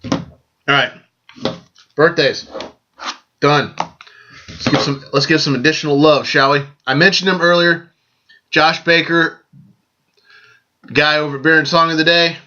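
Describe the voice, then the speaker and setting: A man hosting a casual vlog, giving friendly, joking birthday shout-outs to friends and often repeating himself as he goes. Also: on the high side, steady tone, unhurried, pauses often. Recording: dull lo-fi sound.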